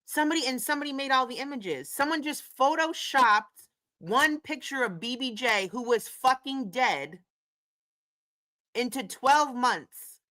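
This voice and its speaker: A woman's voice: high-pitched, animated, a little slow, pushed and bright. A woman hosting a casual commentary stream, talking bluntly and profanely and getting worked up as she reacts. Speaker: commentary host.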